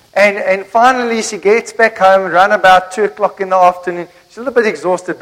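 In church, a South African pastor preaches to his congregation, telling stories and putting questions to the listeners. He speaks South African English in a high, fairly bright voice on a low-quality recording.

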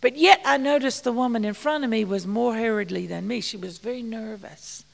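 A woman's voice: fairly high pitch, brisk, vocal fry, big-room sound. A woman preaching in a folksy, storytelling way, dropping at times to near-whispers. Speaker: church missions speaker. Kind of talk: storytelling sermon.

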